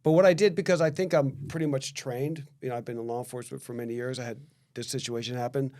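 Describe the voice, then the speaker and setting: A man telling a story on a podcast in casual chat. He acts out the quoted lines and often restarts his phrases. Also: mid-range voice. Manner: animated storyteller who acts out quoted dialogue; quick, repetitive restarts.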